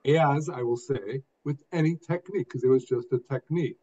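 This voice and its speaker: An older man, a guest telling his story in an expressive, emphatic way, phrase by phrase. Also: medium pitch, moderate pace. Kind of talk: conversational storytelling. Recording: dull lo-fi sound.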